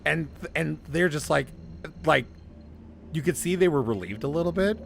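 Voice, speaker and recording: Gravelly man rambling through a story. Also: fairly high pitch, expressive, normal speed, soft background music. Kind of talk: casual storytelling chat.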